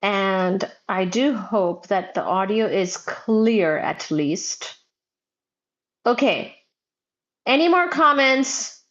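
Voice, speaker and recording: A woman hosting a physics livestream in casual chat, reading viewer comments loudly and playfully, near shouting at times, wearing headphones. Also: mid-range voice, animated, extremely slow, lo-fi sound.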